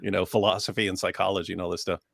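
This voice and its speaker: A man's voice: deep voice, little pitch movement, rapid-fire, vocal fry, a bit bright, no room sound, clean studio sound. A man co-hosting a casual livestream chat, joking and laughing often as he talks. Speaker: co-host.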